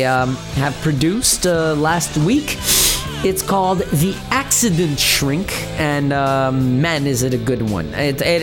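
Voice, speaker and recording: A radio show host talking in a rambling, casual monologue. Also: medium pitch. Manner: rambling, many fillers and restarts. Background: music.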